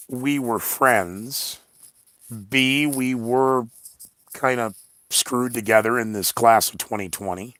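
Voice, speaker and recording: Male podcast host, blunt rambling talker with sarcastic asides, average pitch, recorded dry with no room echo. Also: slow pace, a bit bright. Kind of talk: rambling solo podcast monologue.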